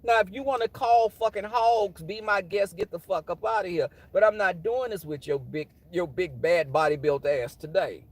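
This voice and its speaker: A man voicing his brash, foul-mouthed alter ego, loud, profane and confrontational. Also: high voice, lively intonation, very slow, hardly any pauses, breathy edge, pitched above the performer's own voice, exaggerated voice. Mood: cussing out.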